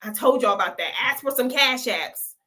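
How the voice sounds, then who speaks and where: A woman's voice: fairly high pitch, expressive, moderate pace, bright, forceful tone. A woman hosting a reaction video, talking unhurriedly and making blunt, profane asides. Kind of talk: casual reaction commentary.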